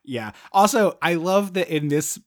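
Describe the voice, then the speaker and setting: A man hosting a podcast, rambling with enthusiasm about a movie in casual chat and often trailing off quietly. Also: a little high, animated, unhurried. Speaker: podcast host.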